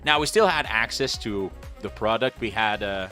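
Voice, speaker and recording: A man's voice: lowish voice, moderate pace, pushed and bright, soft background music. A man chatting casually on a stream, rambling and correcting himself as he tells a story and talks to his chat. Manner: rambling, self-correcting, apologetic asides to chat. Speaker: VTuber streamer.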